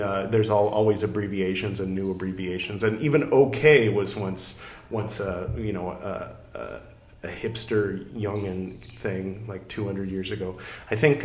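A podcast host with a low, darkish voice talks in a casual, rambling way, full of fillers, restarts, and self-deprecating asides. The room is echoey.

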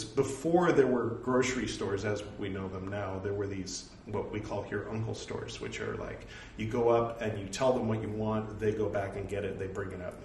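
Casual low-voiced Californian man, rambling and self-mocking, off-mic in an echoey room. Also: far from the mic, slight background noise. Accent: Californian American. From California, United States. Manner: rambling, self-deprecating, jokey. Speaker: host reading a religious text. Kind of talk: casual spoken aside.

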